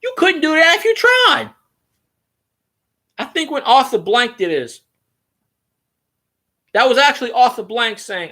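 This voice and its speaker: A man rambling in a casual, profane, excitable monologue as a sports-fan vlogger. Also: extremely high pitch, measured pace, long pauses.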